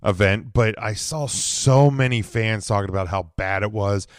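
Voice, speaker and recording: A man's voice: on the low side, moderate pace, no echo, studio quality. A man hosting a casual solo sports podcast, rambling with lots of fillers and growing emphatic, his throat slightly scratchy. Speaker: podcast host.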